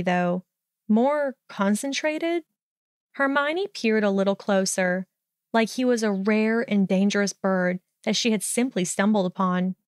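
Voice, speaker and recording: A woman narrating a fan-fiction audiobook with steady, expressive storytelling. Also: medium pitch, clean tone, dry recording, clean studio sound.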